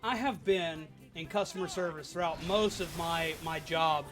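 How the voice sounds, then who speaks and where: A young adult livestream host telling a work story in an animated, sarcastic rant while chatting with viewers. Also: mid-range voice, normal speed, over music. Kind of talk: live stream storytelling rant.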